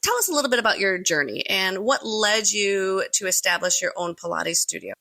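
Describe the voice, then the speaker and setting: A woman podcast host with a bright, gravelly edge to her voice. She talks in an enthusiastic, chatty way and keeps agreeing with her guest. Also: mid-range voice, expressive, brisk. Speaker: podcast host, Pilates teacher. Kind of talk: conversational interview.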